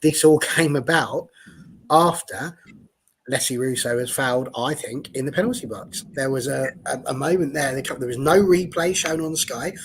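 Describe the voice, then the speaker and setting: A man's voice: mid-range voice, normal speed, slight background noise, poor audio. A man on a fan panel, talking football in a chatty, jokey way. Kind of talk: casual football discussion.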